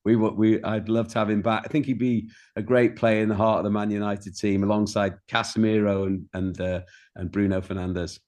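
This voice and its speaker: A middle-aged man, a guest in an interview, telling stories in a warm way and often repeating words as he starts a sentence. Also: on the low side, level tone, moderate pace. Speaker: guest, singer-songwriter. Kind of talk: candid interview chat.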